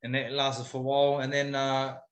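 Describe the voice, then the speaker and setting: A man's voice: mid-range voice, completely flat delivery, a little fast. A man, a guest telling a story casually and candidly, swearing freely. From New Zealand. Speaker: guest, MMA fighter. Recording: roomy echo.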